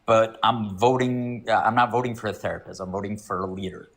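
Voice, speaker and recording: A man's voice: fairly low pitch, fairly even intonation, fairly quick, fairly bright tone. A man calling into a live stream debate, making his case hesitantly with many fillers. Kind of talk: casual argument.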